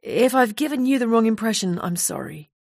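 A woman voicing a flustered, apologetic man who stammers and rushes his words in an audiobook. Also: mid-range voice, lively intonation, creaky, slightly rough, no echo, clean studio sound, full character voice.

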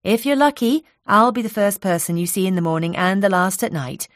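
A woman voicing a chatty, cheerful young hairdresser with a soft Isle of Wight burr, talking in a friendly, bubbly way. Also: medium pitch, fairly quick, dry recording, clean studio sound, pitched above the performer's own voice, close to an everyday voice.

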